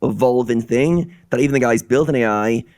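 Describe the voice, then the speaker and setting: A man talks in a rapid, eager stream of casual chat. He slips into quick little acted-out exchanges as he goes. The sound is dry and close. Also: mid-range voice, a little mellow, no echo. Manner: eager, rapid-fire, acts out dialogues.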